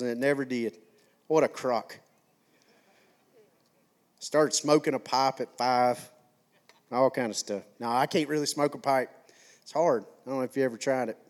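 Man, pastor, high voice, folksy sermon. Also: a little mellow. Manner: folksy, conversational preaching with repetition.

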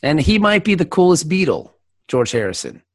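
A man's voice: a little high, very animated, dry recording. A man co-hosting a casual podcast chat, rambling and laughing as he goes. His voice bounces up and down a lot. The sound is dry and close, with no room around it. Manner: rambling, laughing, quick to put on silly voices. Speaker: podcast co-host.

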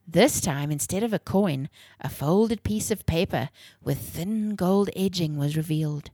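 A woman storyteller reads a children's adventure aloud in a clear, expressive voice. Her voice sits a bit low, and the recording is dry and close. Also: measured pace, no echo.

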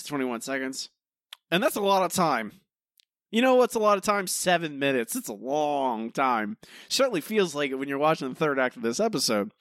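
A man's voice: fairly high pitch, fairly bright tone, dry recording, studio quality. A man co-hosting a podcast, ranting in exasperation about an episode and saying "like" a lot. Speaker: podcast co-host. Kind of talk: casual episode review chat.

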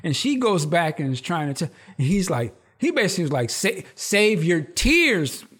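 Animated slangy man recapping a show. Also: a little high, quick pace, breathy edge. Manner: animated storyteller who acts out the characters' lines in raised voices; swearing, slangy. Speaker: podcast host. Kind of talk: casual chat recapping a TV episode.

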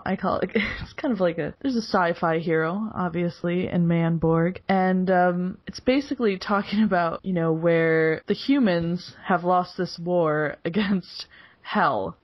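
A woman's voice: fairly low pitch, normal speed. A woman in her forties hosting a podcast, chatting casually and laughing often between phrases. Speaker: podcast host. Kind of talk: casual chat. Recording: dull lo-fi podcast audio.

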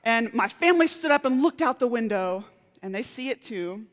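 A woman preaching a sermon, telling a personal story with lively, animated outbursts. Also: on the high side, moderate pace. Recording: reverberant hall.

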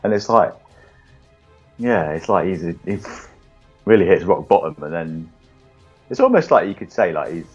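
A man chatting casually as a podcast co-host, relaxed and agreeable. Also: sits low, normal speed, long pauses, slightly rough, highs cut off, soft background music. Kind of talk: casual film chat.

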